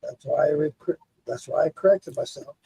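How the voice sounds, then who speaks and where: A man's voice: on the high side, normal speed, gravelly, mellow, slightly rough, rough recording. A man hosting a casual livestream chat, laid-back and joking, cursing freely. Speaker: livestream host.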